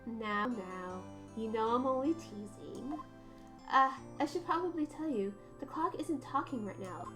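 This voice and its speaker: Gentle, measured lawyer sister read by a woman, slow, game music behind. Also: fairly high pitch, expressive. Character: calm, caring older-sister lawyer, young woman.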